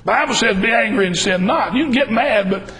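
A man preaching a fervent sermon, emphatic and breaking into shouts. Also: sits high, fairly quick, rough recording.

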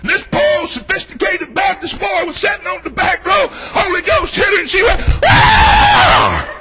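A middle-aged Southern US preacher delivers a shouted sermon in a high, bright voice. His pitch jumps all over as he hollers and whoops, folksy and animated throughout. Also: poor audio. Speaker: Baptist preacher. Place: church sanctuary.

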